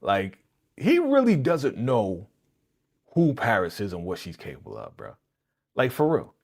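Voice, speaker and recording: A man hosting a live reaction stream, his pitch leaping high and low as he talks. He chats in loose slang and breaks into quick impressions of the characters. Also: gravelly. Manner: animated and slangy, acting out characters' lines. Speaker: channel host reacting to a TV episode.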